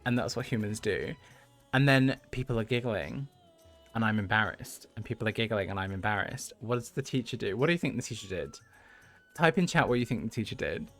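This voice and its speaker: A man's voice: lowish voice, lively intonation, fairly quick, a bit bright, soft background music. A man in his thirties, a livestream host telling a story to his chat, talking casually and laughing often. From United Kingdom. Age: 30s.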